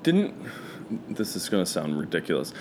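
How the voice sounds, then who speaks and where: Man, Philadelphia accent, deadpan, low-key, lowish voice, faint noise. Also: normal speed. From Philadelphia area. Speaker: guest, DJ. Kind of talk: casual conversational interview.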